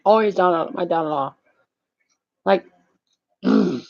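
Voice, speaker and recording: An older woman talking in a rambling, halting, profane monologue. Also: lowish voice, vocal fry, darkish tone, lo-fi sound.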